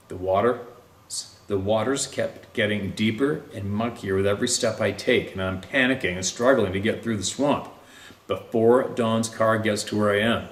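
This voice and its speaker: A man narrating a first-person encounter story in a tense, dramatic way, sometimes dropping to a hush. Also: on the low side. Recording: roomy, distant mic with faint ambience.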